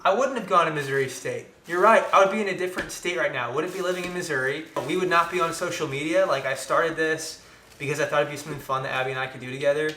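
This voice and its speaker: A man's voice: fairly high pitch, quick pace, pushed and bright, a little hiss or hum. Man, casual vlog host, upbeat and jokey, recorded in an echoey room. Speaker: vlogger. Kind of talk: casual couple chat.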